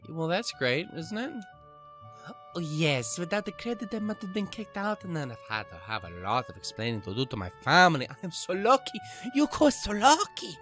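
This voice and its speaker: A man voicing a cheerful, bubbly young woman librarian in an excitable, squealing, sing-song way. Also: a little high, moderate pace, soft background music, pitched above the performer's own voice. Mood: excited.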